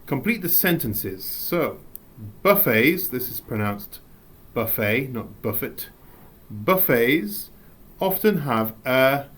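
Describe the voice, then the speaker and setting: A man from England with an English accent, teaching a recorded English lesson, reading slowly and adding playful asides. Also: mid-range voice, lively intonation, fairly bright tone.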